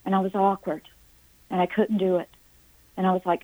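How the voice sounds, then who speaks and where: A middle-aged woman speaks as an interview guest, her voice sitting a little low. She tells her story earnestly, breaking off into halting restarts. She acts out her own past words with drama. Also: level tone, a little mellow, rough recording.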